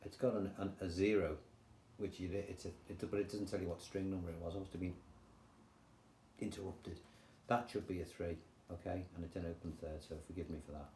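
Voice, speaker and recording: An older man with an English accent, teaching guitar in a chatty, relaxed way and counting rhythms aloud. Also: sits low, a little fast, slight background noise. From England. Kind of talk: casual guitar tutorial. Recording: roomy sound with guitar playing.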